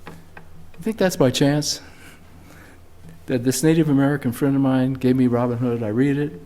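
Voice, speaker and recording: An older male pastor gives a Sunday sermon in a church, telling a personal story in a plain, conversational way. His pitch sits mid-range, and he leans on key words with emphatic rises. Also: fairly even intonation, moderate pace, dark tone. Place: church sanctuary.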